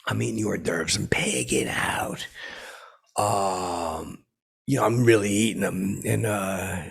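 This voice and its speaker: A man playing a belligerent, boastful washed-up guy in an in-character comedy podcast, rambling and halting with many fillers and restarts. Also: deep voice, fairly even intonation, creaky, husky, exaggerated voice.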